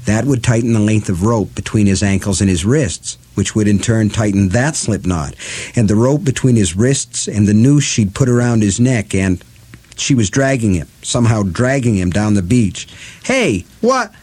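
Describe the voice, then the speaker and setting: A man narrating a novel as an audiobook reader, with a measured, even delivery. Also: fairly low pitch, breathy edge. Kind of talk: scripted narration.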